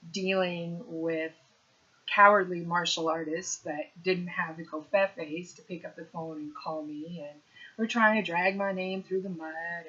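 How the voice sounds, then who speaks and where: Middle-aged female comic, lively storyteller with wry asides; lowish voice, muffled lo-fi sound. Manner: animated, punchy delivery with playful asides. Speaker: stand-up comedian. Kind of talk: storytelling monologue.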